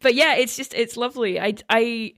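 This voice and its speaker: A woman's voice: fairly high pitch, normal speed. Chatty podcast host woman. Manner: chatty and animated. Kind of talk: casual chat.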